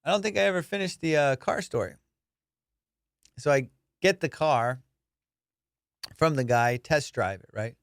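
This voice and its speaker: Animated, profane man telling a story. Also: fairly high pitch, measured pace, long pauses, clean tone, no room sound. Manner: animated, profane, acts out both sides of a haggle. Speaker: podcast host. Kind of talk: casual storytelling monologue.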